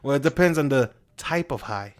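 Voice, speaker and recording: A man co-hosting a casual podcast who spins stories with crude humor and laughs at his own jokes. His voice sits at a middle pitch. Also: expressive, normal speed. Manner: crude, storytelling, laughs a lot. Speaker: podcast co-host. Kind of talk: casual chat.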